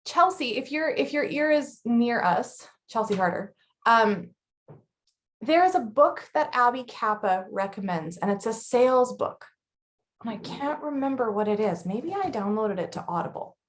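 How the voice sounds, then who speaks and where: A woman's voice: on the high side, lively intonation. Chatty, blunt woman co-host. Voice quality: blunt, chatty, quick to laugh. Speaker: podcast co-host. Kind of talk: casual chat.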